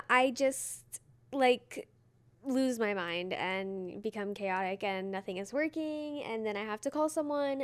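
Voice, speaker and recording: A woman's voice: mid-range voice, smooth. A young woman hosting her own podcast alone, chatting casually in a rambling, self-mocking way with lots of fillers. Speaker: podcast host. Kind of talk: solo casual podcast chat.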